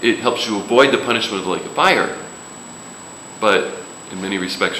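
A man's voice: on the low side, moderate pace, noisy background. A man preaching a sermon in a casual, joking way, with sudden emphatic rises. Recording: echoey room with faint ambience.

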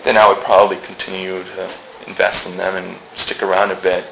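A man's voice: sits low, monotone, a little fast, creaky, fairly bright tone, a little hiss or hum, poor audio. A man talking casually in a church discussion group, chatty, acting out quoted remarks and laughing often.

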